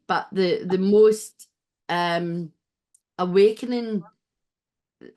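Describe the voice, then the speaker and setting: A woman hosting an interview podcast, chatting in a rambling, warm way with many restarts. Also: mid-range voice. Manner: warm, rambling, gets emotional and laughs. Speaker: podcast host. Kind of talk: casual interview chat.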